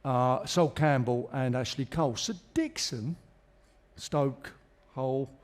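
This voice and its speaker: A middle-aged man speaks in a mid-range voice at a slow pace, appearing as a guest in a live interview on a theatre stage. He's a chatty storyteller, spinning jokey anecdotes and chuckling along the way.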